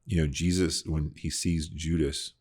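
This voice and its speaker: A man's voice: extremely low pitch, steady tone, unhurried, a little mellow, slightly rough. A man hosting a casual Bible discussion podcast, talking earnestly and reflectively, often restarting his sentences. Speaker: podcast host.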